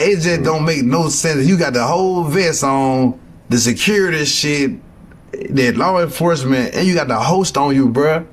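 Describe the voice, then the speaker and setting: Heated young man telling street stories. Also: on the high side. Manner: heated, profane street storytelling. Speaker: streamer. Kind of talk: casual storytelling to stream chat.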